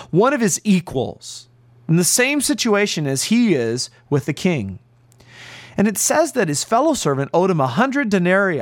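A man's voice: high-pitched, no room sound. A man preaching a sermon, earnest and emphatic, drawing out key words for stress.

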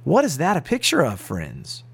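A man's voice: on the high side, wildly swooping pitch, normal speed, vocal fry, fairly bright tone, slightly rough, dry recording. A man teaching as pastor on a radio Bible program, preaching earnestly and urgently with emphatic repetition.

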